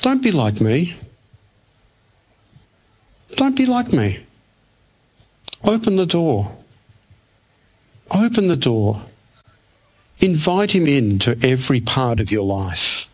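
A man's voice: a little high, big pitch swings, slow, long pauses. A man preaching a sermon to a room, telling a personal story and acting out the other people's lines. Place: church hall with audience.

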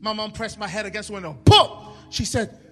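A man preaches a sermon with a very high, bright, forceful voice. He swings into loud, impassioned bursts and acts out the voices in his stories. His voice carries long reverb through a church hall over faint music. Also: a little fast. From England.

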